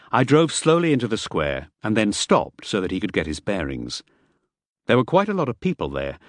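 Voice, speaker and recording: A man reads a first-person adventure novel aloud in a low voice with lively, varied inflection. The sound is dry and close, with no room around it. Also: dry recording. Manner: measured first-person storytelling. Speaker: audiobook narrator. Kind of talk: scripted audiobook narration.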